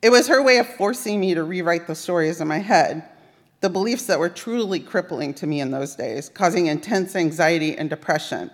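A woman's voice: fairly low pitch, animated, brisk. Woman preaching with wry humor, hall reverb. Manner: personal storytelling with wry, self-deprecating humor. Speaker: worship service speaker. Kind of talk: sermon. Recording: long reverb of a large hall.

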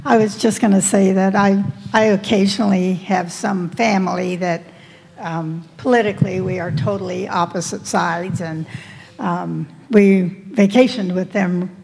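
A woman sharing in a group discussion, hesitant with frequent pauses. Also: medium pitch, fairly even intonation, vocal fry, a little mellow, slightly rough. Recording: long hall reverb.

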